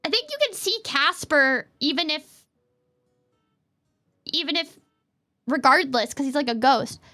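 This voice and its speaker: A young adult woman streaming as a VTuber, chatting casually and playfully with her chat in quick jokey asides. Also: high voice, lively intonation, pushed and bright, soft background music.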